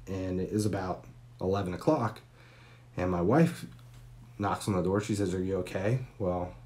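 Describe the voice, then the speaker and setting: A man in his forties hosting a live stream, telling a long, candid and profane story with pauses and fillers. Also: low-pitched, darkish tone.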